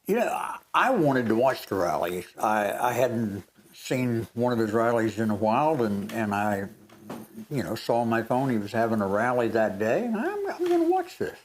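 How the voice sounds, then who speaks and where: An older man and grandfather, co-hosting a faith talk show, telling a story in a lively way. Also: fairly low pitch, moderate pace, a little hiss or hum. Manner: animated storytelling, re-enacts moments. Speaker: co-host. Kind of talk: casual chat.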